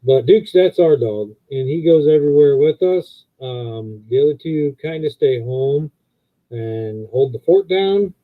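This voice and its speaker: A middle-aged man co-hosts a casual live stream, rambling about his dogs, thanking viewers, and switching to a high baby voice when he talks to the dogs. He sounds animated at a measured pace, and the audio is muffled, like a phone.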